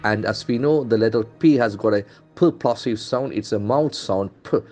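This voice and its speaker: A man's voice: on the low side, normal speed, darkish tone, faint music behind. Man teaching pronunciation, spelling words aloud. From India. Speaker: English language trainer. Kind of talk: newspaper analysis lesson.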